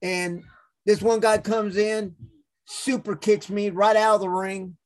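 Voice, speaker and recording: This podcast host speaks slowly in a high voice. He tells stories casually, swearing a lot and acting out quotes like an animated storyteller.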